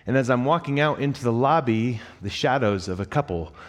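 A man's voice: medium pitch, expressive, a little fast. Young man preaching with a personal anecdote, self-deprecating and rambling, middle-range voice, long hall reverb. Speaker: church staff member. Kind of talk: sermon with a personal story.

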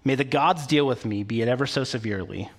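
A man voicing the queen Jezebel, speaking a threat in a low, cold, menacing way. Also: fast, natural voice.

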